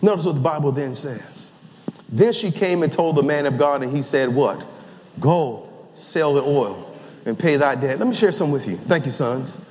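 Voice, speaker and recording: An older man preaching a sermon as pastor, folksy and storytelling, rising to shouts at the high points. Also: lively intonation, normal speed, slight background noise. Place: large church sanctuary. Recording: live church sound with long hall reverb.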